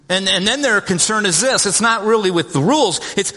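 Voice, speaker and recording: Pastor guy preaching, kinda high voice, lots of restarts, big echoey church hall. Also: normal speed, pushed and bright. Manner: earnest, repeats words, quotes scripture in small voices. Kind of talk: sermon. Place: church sanctuary. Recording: long hall reverb.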